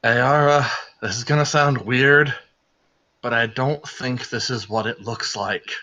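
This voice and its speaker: A man in a tabletop game session, talking in character in a lively, rambling way. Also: mid-range voice, a little slow. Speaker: player. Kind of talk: tabletop role-play in character.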